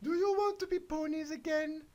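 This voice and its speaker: A man voicing a female wizard in a shrill falsetto, in a halting sing-song way. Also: fairly even intonation, a little mellow, muffled recording. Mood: squeaky. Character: high-voiced female wizard.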